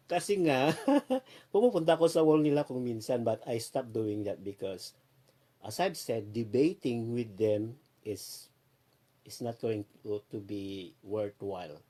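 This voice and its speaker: A Filipino man talks casually on his livestream, wandering from topic to topic. His voice sits at an ordinary pitch and sounds dark and mellow. He greets viewers by name as he goes. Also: measured pace. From Philippines. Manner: rambling, switches between Tagalog and English, greets viewers by name. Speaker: livestream host.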